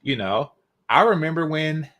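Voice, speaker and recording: A man's voice: fairly high pitch, animated, moderate pace, heavy background noise. A man hosting a commentary video, mocking and sarcastic, swearing freely as he reacts. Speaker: commentary channel host.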